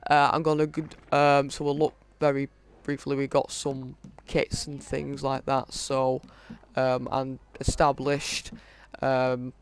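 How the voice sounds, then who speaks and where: A man hosting a gaming video, casually reading through a list of in-game items with many halting fillers. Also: mid-range voice, completely flat delivery, a little hiss or hum. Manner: reads off item lists, halting with frequent fillers. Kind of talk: casual game walkthrough commentary.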